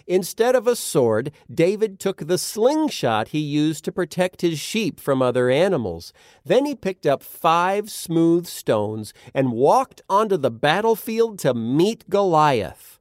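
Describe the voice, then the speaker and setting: A man narrating a children's Bible story with dramatic pauses and questions to the listener. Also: fairly high pitch, sing-song, no room sound, studio quality.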